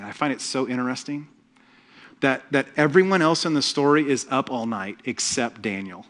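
A man preaching a sermon as pastor, telling the story with humor and lively asides. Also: mid-range voice, moderate pace.

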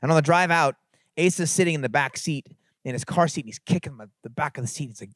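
A middle-aged man from the San Francisco Bay Area, telling a story and preaching at a youth conference in an animated, conversational way. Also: fairly high pitch, fast talker, dry recording, clean studio sound. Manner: animated, conversational, builds to emphatic exhortation. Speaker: conference speaker. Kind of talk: sermon-style storytelling talk.

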